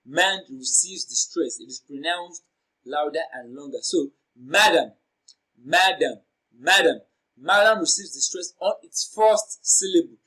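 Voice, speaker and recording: A man tutoring students through exam questions with a slightly high voice. He speaks slowly and carefully and repeats words to drill the stress. He stretches the stressed syllables so they come out louder and longer. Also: animated, low-quality recording.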